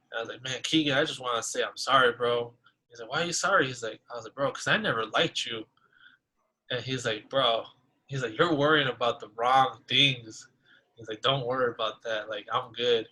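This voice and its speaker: A man's voice: mid-range voice, bright, forceful tone, poor audio. A young man co-hosting a casual podcast, telling a personal story in a rambling way with many fillers. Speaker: podcast co-host.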